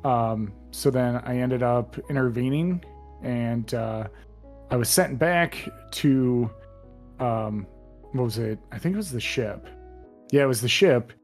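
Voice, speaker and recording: A man recapping a game on a podcast in a loose, rambling way, full of fillers and false starts. His pitch sits in the middle of the usual range. Faint music plays underneath. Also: takes it slowly, darkish tone. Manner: rambling, many fillers and restarts. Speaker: podcast co-host. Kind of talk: casual chat.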